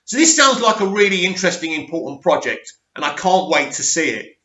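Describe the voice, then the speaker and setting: A young man with a high, bright, forceful voice reads entertainment news, trips over names and breaks off into his own opinions. His voice is a touch hoarse. The sound is roomy and a little dull. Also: big pitch swings, a little fast. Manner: reads aloud, stumbles on names, adds opinionated asides. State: slightly hoarse voice. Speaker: host. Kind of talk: reading news articles with commentary.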